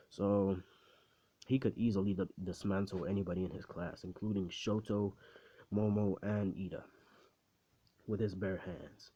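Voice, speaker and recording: Laughing at his own jokes, a man tells a fan story in a loose, slangy, meandering way. His voice sits low with a warm tone, and the recording sounds slightly muffled.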